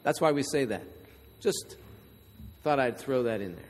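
A man's voice: mid-range voice, lively intonation, normal speed. A man preaching a sermon as pastor, reading scripture and telling stories with conversational asides to the congregation. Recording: long reverb in a large hall.

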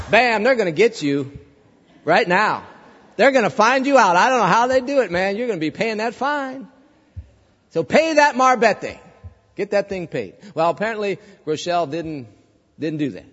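A high-voiced male pastor preaching a sermon, telling a story with lively delivery and acting out the voices of its characters. The recording is dull and muffled, and a long hall reverb trails his words.

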